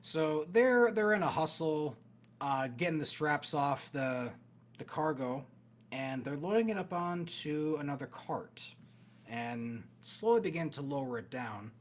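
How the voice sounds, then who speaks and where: Man narrating as game master. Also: on the high side.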